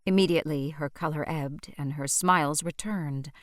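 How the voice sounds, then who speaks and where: A woman narrating an audiobook in a measured storytelling manner. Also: deep voice, no echo, studio quality.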